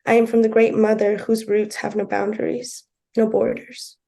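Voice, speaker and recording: A woman co-hosting a podcast who reads her own poem aloud slowly and deliberately. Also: fairly high pitch, flat delivery, gravelly, dark tone. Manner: slow, deliberate poetry reading. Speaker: podcast co-host.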